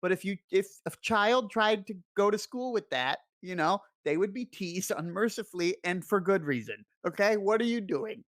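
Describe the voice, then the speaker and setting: Laid-back podcast co-host, mid-pitched. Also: animated, moderate pace, hardly any pauses, fairly bright tone. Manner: laughs often, talks loosely with "you know". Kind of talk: casual chat.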